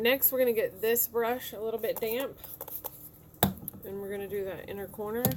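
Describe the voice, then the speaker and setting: A woman in her thirties talks casually through her makeup routine step by step, chatty and easygoing. Her voice sits at an ordinary middle pitch. A faint background noise runs under the recording. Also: a little mellow. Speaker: beauty vlogger. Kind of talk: casual makeup tutorial talk. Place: home room.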